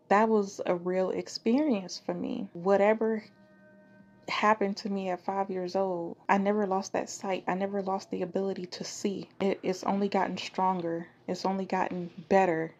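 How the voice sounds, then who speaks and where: A woman's voice: medium pitch, darkish tone, highs cut off. A woman in her thirties hosting a podcast, telling a personal story in a loose, conversational way, cursing and laughing at herself. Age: 30s. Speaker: podcast host.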